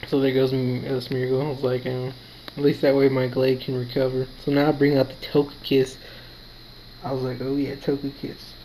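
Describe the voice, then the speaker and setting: Tired man giving flat play-by-play. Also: medium pitch, slight background noise, poor audio. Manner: quick, relaxed play-by-play, quotes his own thoughts. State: tired, yawning. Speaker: gaming commentator. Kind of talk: casual battle commentary.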